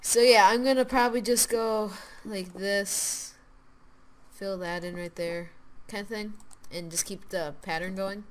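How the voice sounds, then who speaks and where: A woman casually commenting as she builds in a video game, mostly muttering to herself, repeating words, and growing loud and cheery when she signs off. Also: medium pitch, fairly even intonation, a little slow, a little hiss or hum. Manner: mutters quietly while building, then loud and upbeat when signing off; repeats words and restarts phrases. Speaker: gaming channel host.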